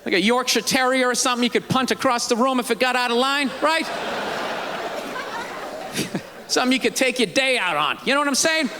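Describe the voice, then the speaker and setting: A man with a strikingly high voice rants through a stand-up comedy set, sarcastic and punching his lines up into shouts. It is a live recording, with a crowd clearly audible and noticeable noise behind him. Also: animated, normal speed, pauses often.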